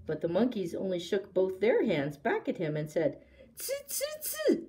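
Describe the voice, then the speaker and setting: A woman librarian reading a picture book aloud at story time, pausing to ask the young listeners questions. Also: lowish voice. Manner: slow, expressive, asks young listeners questions. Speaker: children's librarian.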